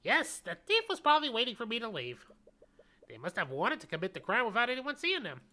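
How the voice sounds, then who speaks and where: A man's voice: extremely high pitch, huge pitch swings, brisk, sharp tone, voice pushed up, full character voice. A man voicing a creepy old male museum curator who gives formal, earnest testimony while reading game dialogue aloud. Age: older.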